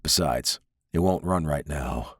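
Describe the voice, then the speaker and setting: A man voicing a calm, steely male alien inspector who speaks quietly in clipped, unhurried phrases. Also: rumbling low, no echo, studio quality, voice pushed down.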